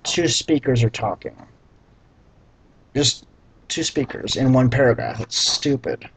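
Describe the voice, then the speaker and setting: A man reading a badly written novel aloud and breaking off for deadpan, sarcastic, profane commentary. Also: medium pitch, breathy edge, low-quality recording. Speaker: reader mocking a book.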